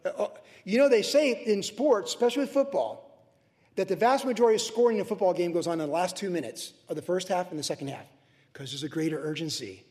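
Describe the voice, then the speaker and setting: An older man preaching a sermon from the pulpit in an earnest, emotional way, swinging from soft to loud. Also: sits high, fast, long reverb tail. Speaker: pastor. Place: church sanctuary.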